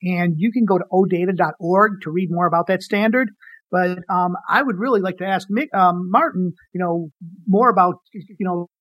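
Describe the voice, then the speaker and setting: A man co-hosting a podcast, speaking in a relaxed, slightly hesitant way. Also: sits high, moderate pace, no echo, poor audio. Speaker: podcast co-host. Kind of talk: casual podcast chat.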